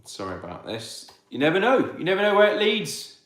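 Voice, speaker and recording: Ranting farmer in a roomy space. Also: male voice, high voice, huge pitch swings, fairly quick, fairly bright tone. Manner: rambling, many restarts, heated ranting. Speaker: farmer hosting viewer Q&A. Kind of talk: casual livestream chat reading viewer questions.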